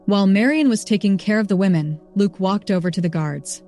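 Brief: female narrator, even storybook delivery, middle pitch, light music bed. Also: a little fast, hardly any pauses. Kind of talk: scripted narration.

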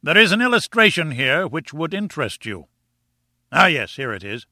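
A man doing a booming old professor who lectures with open contempt, his voice pushed well above the reader's own and bright and forceful at the edges. He sounds triumphant and sure of himself, close and dry against the mic. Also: big pitch swings, normal speed, no room sound, full character voice. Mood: lecturing. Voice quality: booming and scornful. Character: pompous, contemptuous older male professor.

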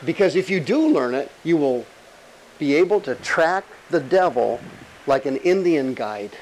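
Animated preacher with a higher voice. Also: male voice, measured pace, low-quality recording. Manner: animated, emphatic, joking, rhetorical questions. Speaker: pastor. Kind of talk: sermon.

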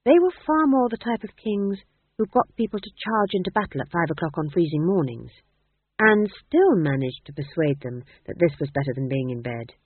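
A woman tells the story in a wry, measured way, and her voice rises and falls a great deal. The sound is thin and phone-like, dry and close, with a slight huskiness. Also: on the low side, very animated, breathy edge, no echo. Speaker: audiobook narrator. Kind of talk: scripted narration.

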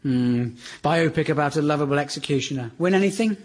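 Give me a sardonic man in his forties as a comedy host, slightly high voice. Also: brisk. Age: 40s. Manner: wry, sardonic, lively delivery. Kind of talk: scripted radio comedy monologue. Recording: hissy archive radio recording.

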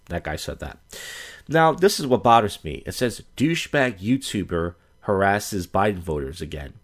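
A man's voice: sits low, lively intonation, normal speed. A man hosting a podcast, talking casually in a rambling, crude and blunt way as he introduces clips. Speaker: podcast host.

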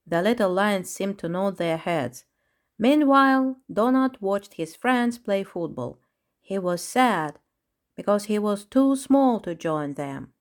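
Woman, storybook narrator, slow, measured reading. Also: medium pitch, lively intonation.

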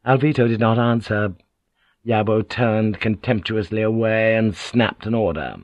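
A man narrating a novel in an even, measured storytelling voice. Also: lowish voice, no echo. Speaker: audiobook narrator.

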